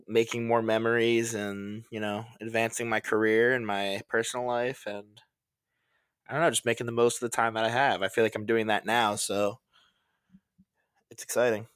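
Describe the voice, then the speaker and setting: A man in his early twenties chatting casually on a podcast, telling stories in a laid-back way with quick asides. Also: medium pitch, clear, resonant tone, no room sound, clean studio sound. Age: 20s. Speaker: podcast co-host. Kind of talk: casual chat.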